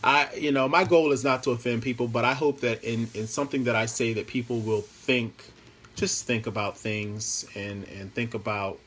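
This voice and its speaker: A man's voice: medium pitch, steady tone, moderate pace, fairly bright tone, a little hiss or hum. A man talking into his phone on a live stream from home, chatty and rambling, mixing playful jokes with earnest pleas. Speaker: Facebook Live host. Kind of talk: casual live-stream monologue.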